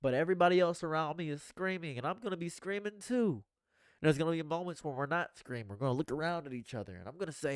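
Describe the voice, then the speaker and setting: A man streaming a rambling, earnest monologue, going from hushed to excited and repeating his phrases. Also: fairly high pitch, quick pace, dry recording, studio quality. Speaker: commentary streamer.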